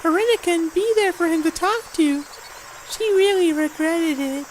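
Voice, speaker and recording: Rena: a woman doing an eerie girl with a very high voice. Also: unhurried, a little hiss or hum, low-quality recording. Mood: creepy sweet. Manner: sweet sing-song menace, repeats herself. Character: eerie teenage girl stalking a frightened boy. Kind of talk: fan voice acting of a game.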